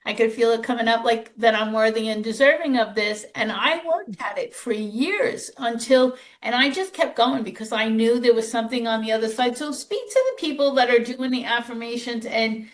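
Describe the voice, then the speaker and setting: Chatty woman podcast host, fairly high voice. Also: moderate pace. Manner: chatty, candid, self-deprecating. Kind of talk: podcast interview.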